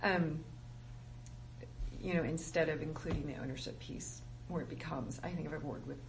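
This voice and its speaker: Low-voiced woman at a meeting, halting. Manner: halting, repeats words, coughs. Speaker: board member. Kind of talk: public meeting discussion. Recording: distant mic with noise.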